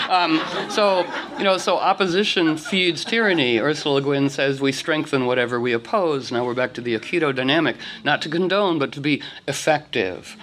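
Man, group talk leader, slightly high voice, rambly, laughs a lot. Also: normal speed, few pauses, a bit bright, slight background noise. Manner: rambling, full of "you know" and restarts, laughing. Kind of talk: casual talk to an online group.

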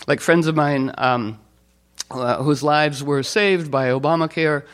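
Unhurried and a bit bright, his voice sits on the high side. He gives a loose, rambling talk full of fillers and restarts, playfully voicing the characters in his anecdotes.

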